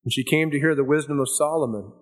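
A man's voice: on the high side, fast talker. Emphatic, dramatic male preacher. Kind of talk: sermon.

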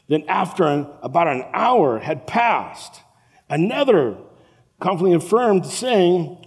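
A man preaching a sermon as a pastor, animated and acting out the voices of the people in the story. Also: high voice, unhurried. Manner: animated, acts out the quoted voices. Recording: long reverb of a large hall.

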